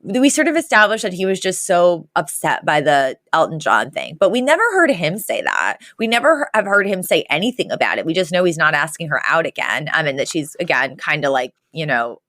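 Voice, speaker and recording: A woman's voice: sits low, very animated, brisk, few pauses, a bit bright, no echo, clean studio sound. A woman co-hosting a podcast, chatting casually about a sitcom episode and rambling with many fillers. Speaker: podcast co-host. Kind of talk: casual chat recapping a sitcom.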